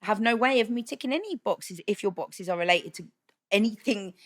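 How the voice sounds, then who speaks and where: A woman's voice: mid-range voice, expressive, a little fast. A woman chatting casually on a podcast, blunt and candid, swearing freely as she talks about dating.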